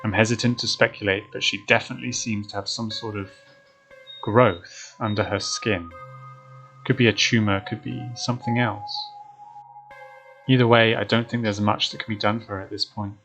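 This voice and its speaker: Man reading a hushed young woman vlogger. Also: fairly low pitch, fairly even intonation, normal speed, soft background music, poor audio. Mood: grave.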